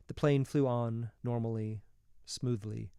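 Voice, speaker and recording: A man reads a novel aloud at an even, measured pace. His voice is warm and mellow, and the recording is dry and close with no room sound. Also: mid-range voice, gravelly, clear, resonant tone, no room sound. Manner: steady, measured storytelling. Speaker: reader.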